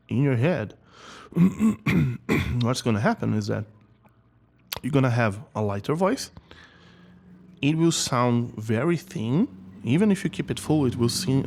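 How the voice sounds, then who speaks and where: A man's voice: mid-range voice, creaky, a little mellow. A man teaching singing in a casual video lesson, often repeating words as he talks, and now and then singing short example notes.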